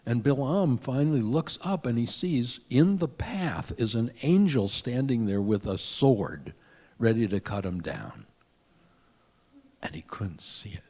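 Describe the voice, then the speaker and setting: A man, a rabbi, giving a conversational storytelling sermon with lively asides. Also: mid-range voice, unhurried. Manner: conversational, animated retelling with asides.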